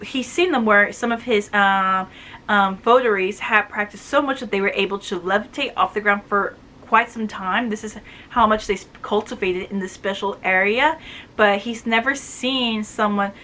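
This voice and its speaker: Female book vlogger, bright and forward tone, gushing and chatty, leans on "like" a lot. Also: medium pitch, moderate pace, a little hiss or hum. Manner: excitable, gushing, peppered with "like". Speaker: book reviewer. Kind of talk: casual spoiler-filled book review.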